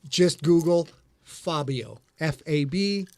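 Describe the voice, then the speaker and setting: High-voiced brash joking man. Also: slow, a little mellow, no echo. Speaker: podcast host. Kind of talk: casual livestream chat.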